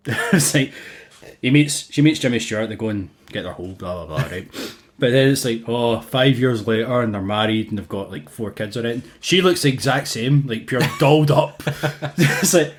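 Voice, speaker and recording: A young Glaswegian man chats on a podcast, his pitch bouncing all over as he tells stories. He swears freely and laughs often, putting on voices for the people he quotes. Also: expressive, moderate pace. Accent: Scottish, Glaswegian. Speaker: podcast co-host. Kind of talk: casual chat.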